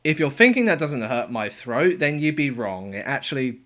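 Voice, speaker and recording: A young man casually explaining how he made game voices, talking in a relaxed, halting way. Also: medium pitch. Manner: halting, relaxed, with fillers and restarts. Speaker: game voice actor and sound editor. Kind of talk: casual developer commentary.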